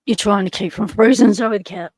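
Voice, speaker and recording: A woman's voice: medium pitch, a little fast, darkish tone, breathy edge, no room sound, clean studio sound. A middle-aged Australian woman hosting a casual livestream, chatting and greeting viewers by name. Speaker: livestream host.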